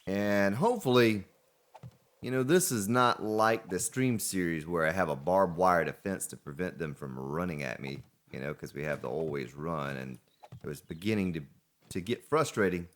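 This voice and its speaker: Deep-voiced man rambling over gameplay. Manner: rambling, talks to himself. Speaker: gaming let's play host. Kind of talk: casual gameplay commentary.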